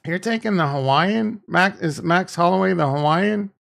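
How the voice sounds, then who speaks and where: A man's voice: high voice, normal speed, gravelly, a bit bright. A man hosting a casual crypto livestream, rambling and swearing freely as he reacts to viewer comments. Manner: rambling, profane, off-the-cuff.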